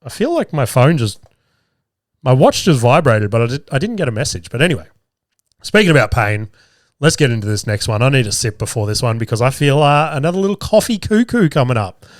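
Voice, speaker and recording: A man's voice: mid-range voice, sing-song, fairly quick, no room sound, clean studio sound. A man, telling casual stories as a podcast host, swearing freely and acting out quoted lines. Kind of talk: casual storytelling.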